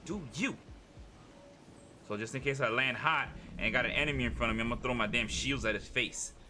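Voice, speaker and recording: A man's voice: mid-range voice, fairly quick, background noise. A young man streaming a game live, chatting casually and profanely with his viewers and a teammate. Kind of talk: live gaming stream chat.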